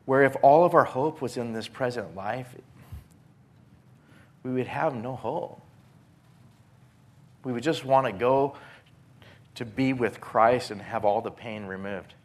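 A man preaching a sermon, earnest, swinging between forceful emphasis and hushed softness, often repeating words as he restarts phrases. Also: medium pitch, unhurried, long pauses. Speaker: pastor.

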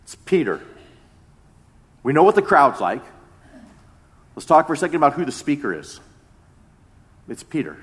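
A man's voice: on the high side, big pitch swings, moderate pace, long pauses. A man in his thirties, a pastor giving a conversational sermon that often repeats its phrases.

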